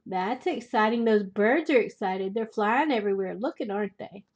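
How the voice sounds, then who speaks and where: An older woman, reading a children's picture book aloud as a grandmother, gently chatting and asking the listeners questions. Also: mid-range voice, moderate pace, husky. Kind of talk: storybook read-aloud for children.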